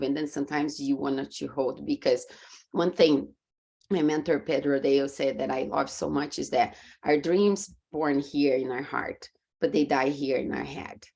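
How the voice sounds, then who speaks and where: Her voice is deep and slightly rough, with vocal fry, and carries a Brazilian Portuguese accent. She's a coach and podcast guest chatting in an interview over video call, earnestly recounting stories rooted in faith and acting out how she reacted.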